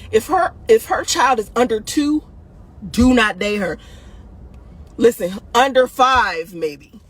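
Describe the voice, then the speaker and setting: Husky, blunt woman talking to camera. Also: medium pitch. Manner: animated, blunt and profane, laughs often; repeats "listen" and "right?" to the audience. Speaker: video host giving dating advice. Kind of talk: casual talk to camera.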